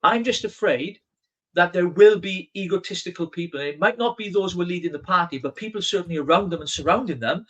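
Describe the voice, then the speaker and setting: Blunt man, slightly high voice. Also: quick pace, a bit bright, low-quality recording. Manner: blunt, emphatic, speaks bluntly. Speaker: podcast co-host. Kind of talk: political podcast chat.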